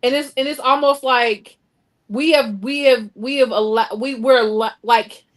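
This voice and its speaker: A woman's voice: a little high, steady tone, normal speed. A woman co-hosting a talk panel, speaking emphatically, often repeating herself as her indignation builds. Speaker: co-host of a local talk show. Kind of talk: passionate panel discussion.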